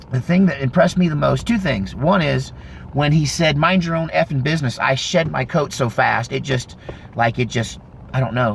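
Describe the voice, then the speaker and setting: A gravelly-voiced man in his fifties tells a story, wandering off on side trails and correcting himself as he goes. His pitch sits in an ordinary middle range. A faint hum of background noise runs under his voice. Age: 50s. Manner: rambling, animated retelling with self-corrections. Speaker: vlogger. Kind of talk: casual storytelling.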